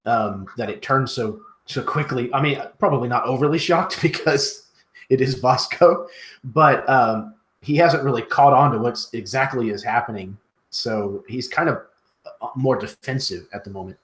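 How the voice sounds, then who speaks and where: A man's voice: medium pitch, normal speed, fairly bright tone, echoey room. A man playing a tabletop game, talking hesitantly with many fillers. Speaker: player. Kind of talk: casual tabletop game chat.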